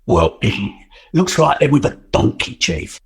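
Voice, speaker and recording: A man's voice: medium pitch, big pitch swings, unhurried, creaky, slightly rough, full character voice. A man playing a joking detective sergeant on a stakeout in a radio sitcom. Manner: chuckling, jokey. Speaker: police sergeant. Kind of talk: comedy radio sitcom acting.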